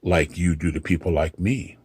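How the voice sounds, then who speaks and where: Brief: demanding blonde hotel guest, put on by a man telling the story, pushy and fearful, husky. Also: low-pitched, fairly even intonation, normal speed, a little mellow, dry recording, clean studio sound. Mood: accusing. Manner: insistent, pleading.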